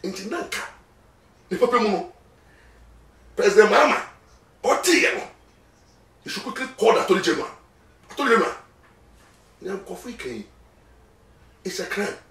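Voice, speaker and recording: This male lawyer guest with a Ghanaian accent has a high, a bit bright voice, speaking animatedly at normal speed with long pauses. He talks emphatically, repeats words, and blends Twi and English, captured in an echoey room by a distant microphone.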